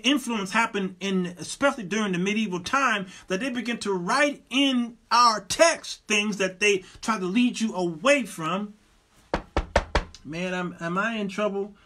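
Bright, high-voiced man preaching. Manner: animated, folksy, repeats words as he builds a point. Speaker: show host and preacher. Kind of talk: informal Bible teaching.

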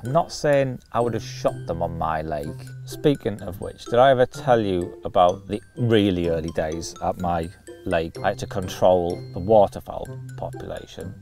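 A man's voice: deep voice, moderate pace, faint music behind. A man telling a long funny fishing anecdote, laughing often and acting out the other voices. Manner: animated storyteller, laughs often, acts out voices. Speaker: carp fishing show regular. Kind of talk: storytelling anecdote.

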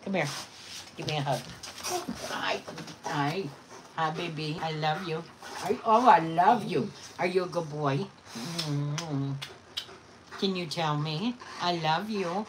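A woman's voice: fairly low pitch, lively intonation, takes it slowly, long pauses, noisy background. A woman chatting casually to viewers and doting on her dogs in baby talk. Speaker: vlogger. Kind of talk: casual chat to viewers and pets.

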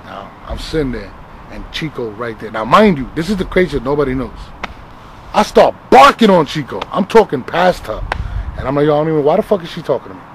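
A fast-talking man with a mid-range, sing-song, slightly bright voice tells a heated story as an interview guest, captured on poor audio with a bit of hiss or hum. He's emphatic and profane, repeatedly asking "right?" and "you feel me?"

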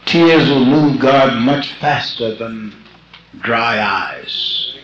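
An older man preaching a sermon as a bishop, slow and rhythmic, repeating phrases and breaking into shouts. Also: medium pitch, slight background noise. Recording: lo-fi old tape in an echoey church.

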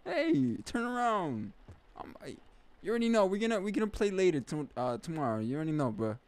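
A young man casually commenting while he plays a game, slangy and animated, breaking into loud excited outbursts. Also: high voice, brisk, smooth. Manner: slangy, says bro and man. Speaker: gaming YouTuber. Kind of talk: casual let's-play commentary.

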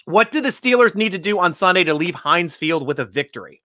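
A man's voice: high voice, lively intonation, a little fast, bright, forceful tone, no echo, studio quality. A man hosting a casual sports chat, easygoing, laughing often and reading out fan questions. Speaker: host.

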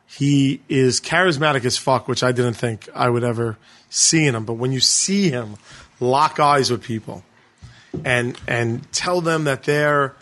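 A man co-hosting a podcast, retelling a documentary in casual chat, animated and full of profanity. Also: medium pitch. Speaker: podcast co-host.

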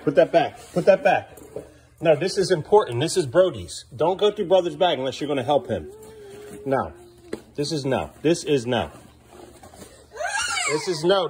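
A man's voice: fairly high pitch, darkish tone, a little hiss or hum. A father filming a home vlog, firmly repeating short commands to his child as he tidies up indoors. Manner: firm, repetitive commands to a child. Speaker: father and vlogger.

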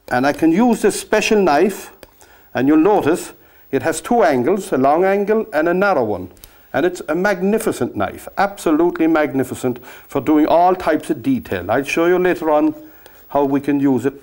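An Irish man leads a painting lesson on a TV set. His voice sits a little high for a man, and he talks through each stroke in a gentle, step-by-step way. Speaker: painting instructor. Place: TV studio.

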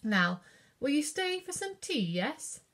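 Woman as a genteel lady from a painting, put-on French accent, lilting and high. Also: big pitch swings, slow pace, fairly bright tone, full character voice. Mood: gracious.

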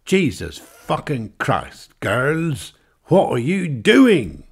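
A man's voice: medium pitch, huge pitch swings, breathy edge, voice pushed up, exaggerated voice. A man voicing a brash, swearing middle-aged Englishman holding forth at a bar, in an English accent. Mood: blustering. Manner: blustering, swearing, drawn-out emphasis. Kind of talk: storytelling.

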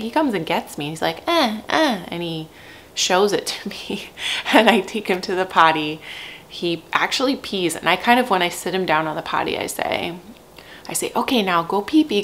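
Young mom vlogger, low gravelly fry, frank and chatty, laughs a lot. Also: female voice, a bit bright. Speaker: parenting vlogger, mother of three. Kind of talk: casual chat to camera. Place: at home.

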